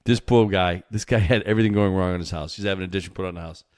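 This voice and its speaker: A man co-hosting a podcast, telling work anecdotes in a casual, animated way and laughing as he goes. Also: deep voice, rapid-fire. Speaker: podcast co-host. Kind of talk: casual storytelling.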